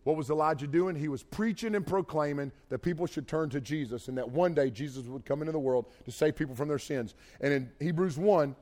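A middle-aged man preaching a sermon, folksy and animated, with jokey asides. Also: fairly high pitch, brisk, few pauses. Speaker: pastor. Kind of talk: sermon with storytelling.

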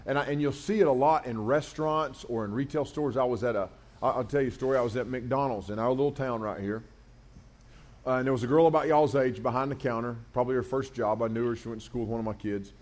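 Lively man preaching to teens. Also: medium pitch, quick pace. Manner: animated storytelling, acts out voices. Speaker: camp speaker. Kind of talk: youth sermon.

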